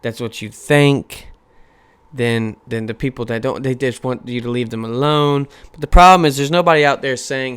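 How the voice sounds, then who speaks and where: A podcast host in his thirties rants casually, swearing freely and peppering his talk with rhetorical questions in an animated way. His voice is medium-pitched, clear and resonant, moving at a moderate pace.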